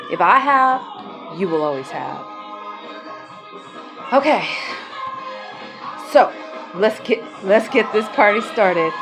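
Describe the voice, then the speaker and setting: A woman venting in a raw personal vlog, heated and confrontational, swearing as she airs her grievances. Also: mid-range voice. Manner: heated, confrontational, swearing, rising and falling in intensity. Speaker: vlogger. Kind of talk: emotional personal vlog rant. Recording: music playing behind the voice.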